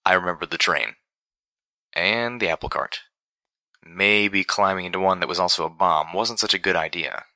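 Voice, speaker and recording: A male audiobook narrator reading a first-person story in a steady, measured way. His voice sits low but has a sharp, bright edge. The recording is dry and close. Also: no room sound.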